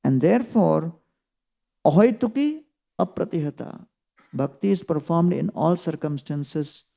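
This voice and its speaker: Earnest preacher, gravelly. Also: male voice, fairly high pitch, expressive, a little slow, dark tone. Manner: earnest storytelling with emphatic rises. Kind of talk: sermon, scripture class.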